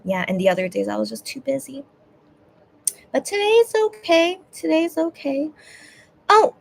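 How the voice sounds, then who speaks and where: A young woman with a gravelly, mid-range voice hosts a casual livestream chat over a little hiss or hum. She often hesitates and restarts, teary and on the verge of crying.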